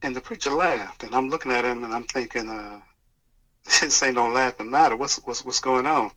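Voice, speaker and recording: Man earnestly retelling a story, bright voice. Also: medium pitch, poor audio. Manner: earnest, halting retelling with restarts and quoted dialogue. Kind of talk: personal testimony storytelling.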